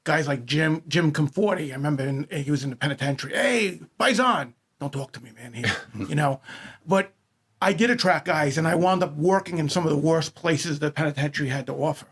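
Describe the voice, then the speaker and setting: New york guy, a bit high, husky, rambly storyteller, keeps saying man. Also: fairly quick. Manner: rambling, restarts, says "man" a lot. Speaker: podcast guest. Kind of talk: casual storytelling chat.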